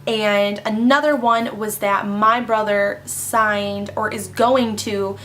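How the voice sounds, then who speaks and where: A bubbly young woman chats through her monthly favorites in a relaxed vlog. She rambles happily, peppering her talk with "like" and "um", at a medium pitch. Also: takes it slowly. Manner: bubbly, chatty, lots of "like" and "um". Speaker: beauty vlogger.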